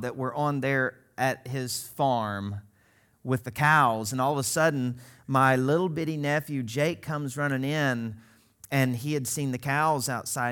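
A man's voice: mid-range voice, fairly bright tone. A middle-aged man from Missouri preaching a sermon as pastor, telling stories with laughs and quoted voices. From Missouri, United States.

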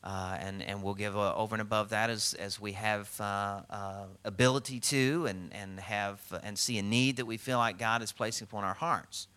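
A middle-aged man preaching a sermon as pastor, telling stories and acting out quotes with lively swings in voice. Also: on the low side, moderate pace, hardly any pauses, clear, resonant tone. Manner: storytelling with animated acted-out quotes.

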